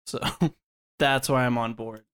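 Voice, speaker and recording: A man's voice: medium pitch, fairly even intonation, measured pace, fairly bright tone, clean tone. A man co-hosting a casual podcast, running a quiz game in a playful, joking way and laughing often.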